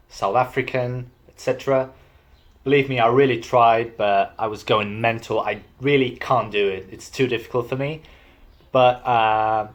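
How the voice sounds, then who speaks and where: Chatty young man explaining accents. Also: mid-range voice. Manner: chatty, self-deprecating. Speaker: language assistant. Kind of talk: casual accent demo video.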